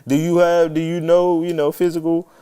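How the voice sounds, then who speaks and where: A man's voice: on the high side, level tone, normal speed, dark tone, smooth. A man hosting a live stream, chatting casually and swearing freely, greeting viewers by name. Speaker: livestream host.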